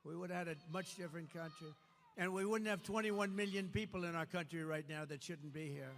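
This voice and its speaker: An American man giving a campaign rally speech, with repetitive, punchy declarations that rise into shouts. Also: a little high, brisk, big-room sound, slight background noise. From United States. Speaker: political candidate. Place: large venue at a campaign event.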